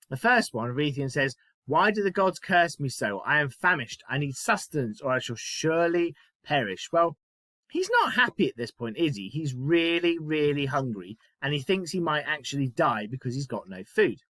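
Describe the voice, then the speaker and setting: Chatty guy teaching a writing lesson, bit high voice, jokes at himself. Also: a bit bright, no room sound. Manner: chatty, self-mocking, explains step by step. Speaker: primary school teacher.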